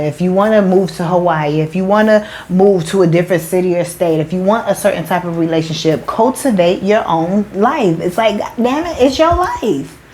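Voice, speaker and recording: A woman's voice: on the low side, darkish tone, low-quality recording. A woman who works as a motivational speaker and spiritual coach, preaching to her followers in emphatic, slangy talk. She swears freely, restarts often, and keeps calling them "baby".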